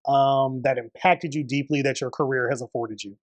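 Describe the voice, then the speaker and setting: A woman hosting a casual interview podcast, asking questions in a relaxed way and affirming her guest often. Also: rumbling low, moderate pace. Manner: relaxed, lots of affirming backchannels. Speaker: podcast host.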